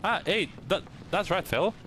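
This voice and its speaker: A man's voice: high voice, expressive, normal speed, a bit bright, a little hiss or hum. A man voicing a rowdy, hard-drinking male sailor, reading game dialogue aloud in character with hearty sailor slang and stumbles over the lines. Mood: boisterous.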